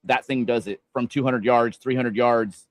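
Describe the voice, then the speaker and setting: A man's voice: medium pitch, fairly even intonation, moderate pace. A man guesting on a podcast, explaining things enthusiastically and in detail, swearing casually. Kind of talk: casual chat on a live stream.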